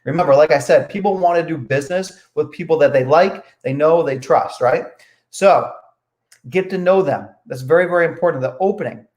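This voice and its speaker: A man's voice: on the high side, brisk, a little mellow. A young man teaching real estate sales calls in a casual spoken lesson, repeating his points and acting out sample phone lines. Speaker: real estate investing coach.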